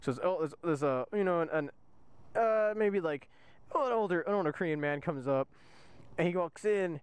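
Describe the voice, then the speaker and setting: A man's voice: fairly high pitch, expressive, moderate pace, clear, resonant tone, dry recording. A young man, a soldier, casually telling a rambling, profane story from inside a vehicle, laughing often. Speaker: soldier vlogger.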